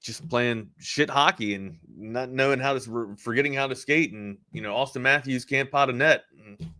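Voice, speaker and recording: A man's voice: medium pitch, normal speed, bright, forceful tone, no room sound. Male sports co-host, casual and loose, dry close sound. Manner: loose and conversational, with frequent filler words. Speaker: sports talk show co-host. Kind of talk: casual sports chat on a live stream.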